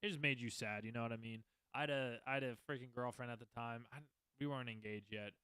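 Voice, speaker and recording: A man's voice: medium pitch, steady tone, quick pace, pushed and bright, clean tone, no room sound. A man in his twenties, a podcast host, telling his own stories in a loose, rambling way, swearing often and restarting his sentences. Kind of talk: casual storytelling monologue.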